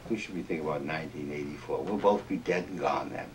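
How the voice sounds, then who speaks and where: A man doing a Southern president, blunt, folksy drawl, low voice, mic a bit distant. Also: fast talker, noisy background. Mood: persuasive. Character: older Southern male president, blunt and persuasive.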